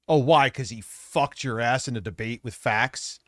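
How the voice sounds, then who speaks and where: A man's voice: medium pitch, expressive, slow pace, pushed and bright, dry recording, clean studio sound. Foul-mouthed male streamer ranting. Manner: crude, combative, swears constantly. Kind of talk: profane live-stream rant.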